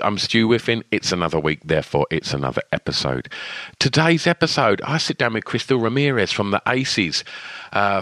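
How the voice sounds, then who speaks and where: A man's voice: on the low side, fairly bright tone, no echo. A man with a slight lisp, casually hosting his podcast and chatting in a rambling, self-deprecating way. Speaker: podcast host. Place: home shed.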